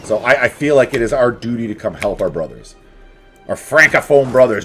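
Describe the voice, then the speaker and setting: A man's voice: medium pitch, expressive, fairly quick, a bit bright. A man giving casual, jokey commentary while playing a strategy game, chatting to his units as he goes. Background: faint game music.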